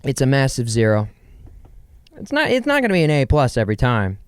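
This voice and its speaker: A young man hosting a casual solo podcast from his bedroom, rambling and joking with quick asides to himself. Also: mid-range voice, huge pitch swings, clean tone, dry recording. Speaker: podcast host.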